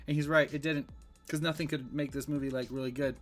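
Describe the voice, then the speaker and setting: A man's voice: fairly high pitch, steady tone, rapid-fire. Guy rambling thru a movie review, lots of ums, faint music behind. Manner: rambling, digressive, with many fillers and restarts.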